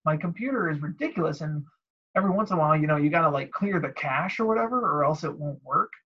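Male podcast co-host with a husky, lo-fi sound and a lively storytelling manner. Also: fast talker. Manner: animated storyteller, mimics callers in a high voice. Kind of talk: casual chat.

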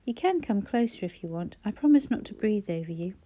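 A woman voicing an ailing woman with a hoarse voice and dry, teasing wit, read from a storybook. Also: mid-range voice, animated, a little fast, mellow, natural voice. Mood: wry. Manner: wry, teasing.

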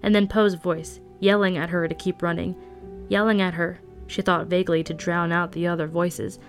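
A woman reading a novel aloud at a steady storytelling pace. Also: fairly low pitch, moderate pace, soft background music. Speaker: audiobook reader. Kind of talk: scripted narration.

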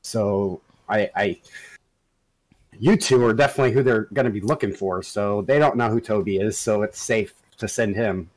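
A man's voice: on the low side, normal speed, darkish tone, close to an everyday voice. A man playing an earnest young man who hedges and tries to keep the peace in a tabletop role-play. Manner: earnest, with hedging fillers.

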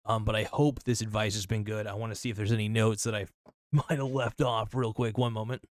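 A man hosting a casual solo podcast, talking in a loose, rambling, profane way with many restarts, his voice a little worn and hoarse. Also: on the low side, little pitch movement, fairly quick, no echo, studio quality. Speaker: podcast host.

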